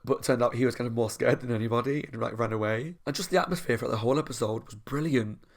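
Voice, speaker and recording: Chatty guy with a gravelly voice. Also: medium pitch, fast. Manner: enthusiastic, chatty, rambling. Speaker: YouTube reviewer. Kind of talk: casual chat.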